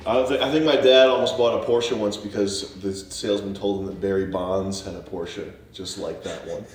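A man's voice: on the low side, fairly even intonation, normal speed. A man co-hosting a podcast in a casual chat, adding dry, brief comments. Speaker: podcast co-host. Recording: echoey room, mic at a distance, faint music.

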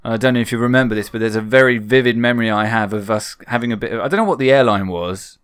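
A man's voice: medium pitch, steady tone, racing, fairly bright tone, smooth, no echo, studio quality. Chatty man hosting a podcast. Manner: chatty, self-mocking storyteller. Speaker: podcast co-host. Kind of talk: casual podcast chat.

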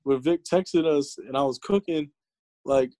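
A man's voice: fairly high pitch, measured pace, dry recording. A young man chatting casually with a friend over a call, swearing freely and acting out quoted lines as he tells stories. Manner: profane, animated storytelling with acted-out quotes. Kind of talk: casual chat. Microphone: remote call audio.

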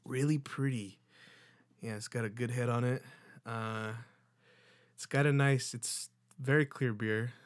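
Young man, California, podcast co-host, relaxed rambling chat, casual swearing, mid-pitched, dry close sound. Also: a little slow, no echo.

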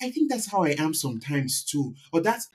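A man's voice: on the high side, sing-song, brisk, breathy edge. A man co-hosting a podcast in casual chat, easygoing and explanatory, sheepish when he is teased. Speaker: podcast co-host.

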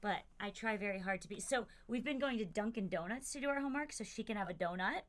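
Bright-voiced chatty woman teacher. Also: medium pitch, quick pace. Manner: chatty, hesitant, with many fillers. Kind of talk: casual podcast chat.

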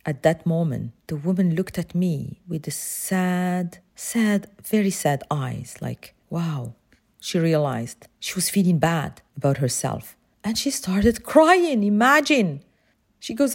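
A woman, a former pharmacist, giving a motivational talk with expressive, emphatic storytelling. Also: lowish voice, unhurried, creaky.

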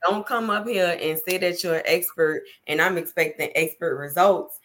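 A woman's voice: on the low side, normal speed, fairly bright tone. A woman hosting a podcast, talking casually and emphatically in a motivational, chatty way. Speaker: podcast host.

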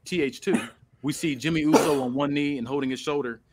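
A man's voice: on the high side, fairly even intonation, fairly quick, very noisy. Man recapping a wrestling story. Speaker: podcast host.

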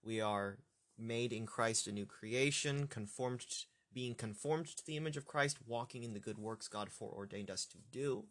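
A man working through a scripture passage aloud as a teacher, thinking out loud, halting and correcting himself. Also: medium pitch. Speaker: Bible study teacher.

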